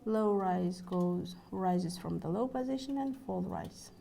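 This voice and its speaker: A woman's voice: on the low side, lively intonation, unhurried, vocal fry, dark tone, a little hiss or hum, rough recording. A woman giving an online course lecture, reading carefully with small slips and restarts while demonstrating tones; her first language is Russian.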